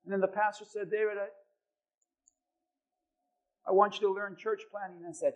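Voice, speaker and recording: A male pastor with a high voice delivers a sermon to his congregation. He tells stories with animated energy and acts out the voices of the people in them. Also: normal speed, long pauses. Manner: animated storytelling, acting out quoted voices. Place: church.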